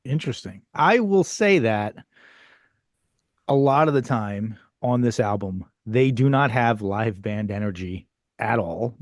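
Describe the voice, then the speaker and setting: A man's voice: on the low side, expressive, measured pace, dry recording, clean studio sound. A man co-hosting a podcast, asking questions and thinking points through in casual discussion. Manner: thoughtful, asks questions and weighs points. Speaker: podcast co-host.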